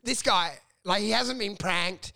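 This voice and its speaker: A young man tells stories on a comedy podcast with a gravelly edge and a bright, tense tone. He swears freely and acts out the people in his stories. The sound is dry and close. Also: high voice, a little slow, no echo. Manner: swearing, animated, acting out characters. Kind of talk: casual comedy podcast storytelling.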